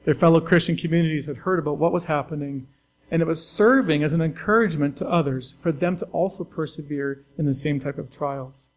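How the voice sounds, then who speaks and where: A man's voice: fairly high pitch, brisk, poor audio. A man pastor delivering a conversational, earnest sermon to his church, with fillers and restarts.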